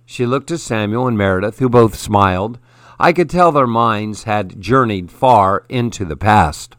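A man narrating a story in the first person, in a measured, earnest way. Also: lowish voice, lively intonation, a bit bright, dry recording, studio quality. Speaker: audiobook narrator.

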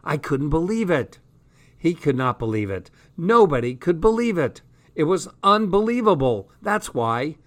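A man's voice: a little high, big pitch swings, measured pace. A man reading a comic first-person diary aloud with dry, sardonic delivery. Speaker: audiobook reader.

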